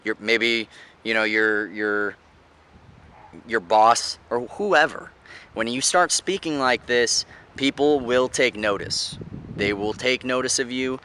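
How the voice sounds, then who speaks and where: A male life coach talks straight to the camera in a motivational lesson. His voice is bright and forceful at a middle pitch. He breaks into acted-out examples to show each way of speaking. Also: slow, slight background noise. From United States. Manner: demonstrates voice tones with exaggerated examples.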